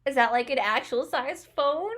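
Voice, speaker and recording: A woman's voice: high-pitched, lively intonation, moderate pace, a bit bright. A young woman chatting casually as she reacts to a movie trailer, rambling and laughing often.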